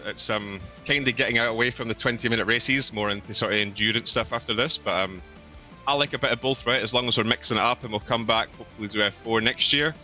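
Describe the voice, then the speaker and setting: A man giving a casual post-race interview as the winning driver, relaxed and rambling with lots of ums. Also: fairly low pitch.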